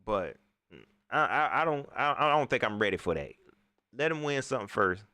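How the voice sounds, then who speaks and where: Animated man hosting a post-game show. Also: medium pitch, normal speed, no room sound. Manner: slangy, animated, repeats himself. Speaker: sports talk show host. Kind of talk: casual livestream post-game chat.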